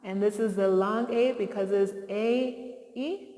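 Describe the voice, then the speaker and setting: A woman's voice: medium pitch, fairly even intonation, slow, dark tone. A woman teacher leads young children through a phonics lesson, prompting them to answer and praising them often. Her voice carries a roomy sound with a long, lingering reverb. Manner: encouraging, call-and-response prompts.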